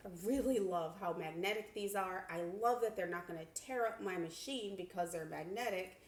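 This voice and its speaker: A woman giving a casual sewing product review, chatty and expressive, with laughs and exclamations, from a home sewing room. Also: medium pitch, moderate pace. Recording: echoey room.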